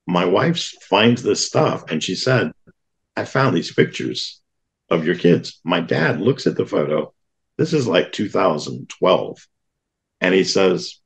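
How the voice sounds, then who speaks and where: Deep gravelly man telling a story. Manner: animated storyteller who acts out quoted voices. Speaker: podcast guest. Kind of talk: telling a personal story in an interview.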